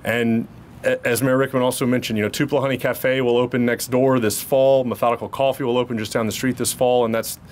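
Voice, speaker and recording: A man's voice: mid-range voice, level tone, quick pace, slight background noise. A man speaking as landlord at a ribbon cutting, upbeat and welcoming, with some fillers. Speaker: landlord giving a speech. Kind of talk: ceremony speech. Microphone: podium microphone.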